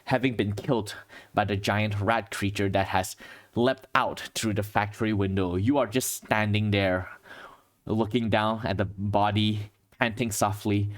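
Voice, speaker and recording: Low-voiced man narrating a tabletop game. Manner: descriptive storytelling with pauses and restarts. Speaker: game master.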